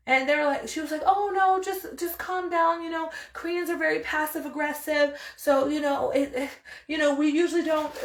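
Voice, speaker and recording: Animated high-voiced woman telling a story. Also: roomy sound. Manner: animated, exasperated storytelling with quoted dialogue. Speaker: podcast host. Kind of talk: casual storytelling.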